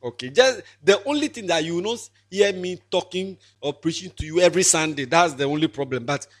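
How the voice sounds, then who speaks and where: A man's voice: on the high side, animated, brisk. Ghanaian pastor in his twenties, preaching. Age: 20s. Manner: emotional, joking, repetitive, pulpit preaching. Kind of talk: farewell sermon to a congregation.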